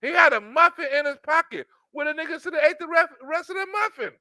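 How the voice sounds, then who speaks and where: A man rants in a comedic reaction, profane and animated, playing up mock outrage. His voice is high and bright, recorded dry and close to the mic. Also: quick pace, no room sound. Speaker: commentator.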